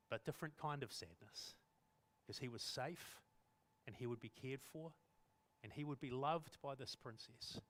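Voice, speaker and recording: A man's voice: medium pitch, fairly bright tone. A male pastor preaching in church, telling the story animatedly and acting out the scenes. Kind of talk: sermon.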